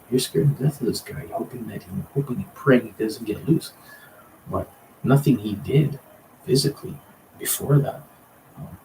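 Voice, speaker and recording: A man's voice: fairly low pitch, darkish tone. A man coaching actors in a rambling spoken lesson, often repeating and restarting his phrases. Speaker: acting coach. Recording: distant mic with clear background noise.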